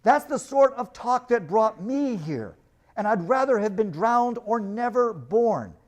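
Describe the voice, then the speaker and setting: Wild-eyed castaway, frantic and pleading, read by a man in a raised, lively voice. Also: high-pitched, a little slow, pitched above the performer's own voice. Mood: urgent warning. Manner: frantic, pleading, repeating words. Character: wild terrified man marooned on a dark island.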